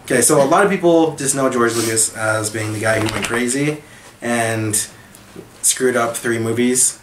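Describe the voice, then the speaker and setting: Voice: medium pitch, normal speed. A co-host in a casual TV recap chat, talking like an enthusiastic fan with lots of fillers. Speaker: podcast co-host. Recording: echoey room, far from mic, faint hiss.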